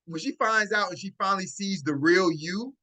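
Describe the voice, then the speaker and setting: A man's voice: high voice, moderate pace, pushed and bright. A man hosting a live-stream dating-advice talk on a phone, chatty, often asking "right?" and chuckling as he goes. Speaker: host.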